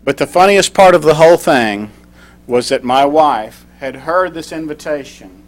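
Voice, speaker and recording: A middle-aged man giving a prepared club speech, telling a personal story and reading a poem slowly. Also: on the high side, lively intonation. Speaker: club speaker.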